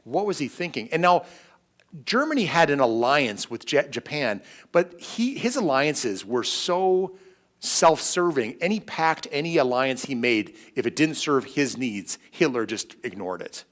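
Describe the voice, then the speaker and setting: Middle-aged male lecturer, animated storyteller, quick asides, parish talk. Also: mid-range voice. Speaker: history lecturer. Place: church hall.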